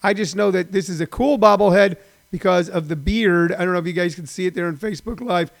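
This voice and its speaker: A middle-aged man talks to his live-stream viewers from home in a rambling, chatty way, full of filler words. His voice sits high for a man. It carries a gravelly, creaky edge. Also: fast. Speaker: live-stream host and former stand-up comic.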